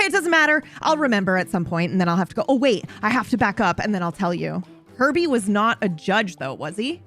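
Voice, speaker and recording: Woman, streamer, casual recap, rambling, profane, self-correcting, mid pitch. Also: fairly bright tone. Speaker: streamer recapping a roleplay story.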